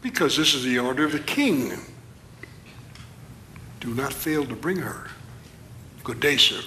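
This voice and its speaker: A man's voice: mid-range voice, animated, unhurried, bright, forceful tone, slight background noise. An actor playing a royal herald who announces a king's decree and questions a household in an officious tone. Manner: officious, commanding. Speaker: stage actor in a musical play. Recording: echoey room with faint ambience.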